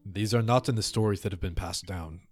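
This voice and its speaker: A man's voice: fairly low pitch, fairly quick, no echo, soft background music, lightly acted. A man voicing a stern old male chief of earth creatures who speaks in a formal, commanding way. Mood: grave.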